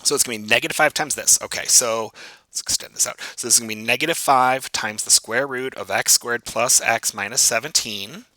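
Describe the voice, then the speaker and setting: A man's voice: mid-range voice, a little fast, dry recording, poor audio. A man teaching math in a recorded video lesson, working problems aloud and joking at his own expense as he writes. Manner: animated, self-joking, thinks aloud while writing. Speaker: math instructor.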